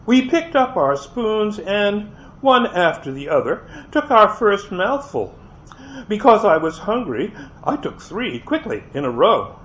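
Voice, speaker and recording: Expressive man reading a novel aloud. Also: high voice, a little slow. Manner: expressive, with slips and restarts. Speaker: reader. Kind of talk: first-person novel read aloud. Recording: dull lo-fi with faint hiss.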